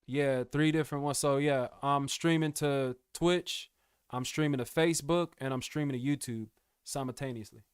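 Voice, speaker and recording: A man's voice: medium pitch, fairly even intonation, normal speed, clean tone, no room sound, studio quality. A young man chatting casually with his live-stream viewers, laid-back and slangy, calling them bro and y'all. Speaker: music producer streamer.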